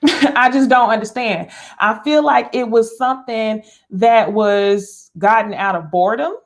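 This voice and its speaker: A woman's voice: on the high side, measured pace. Chatty woman recapping reality TV. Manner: chatty and opinionated, frequent laughs, addresses viewers as y'all. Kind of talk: casual live show recap.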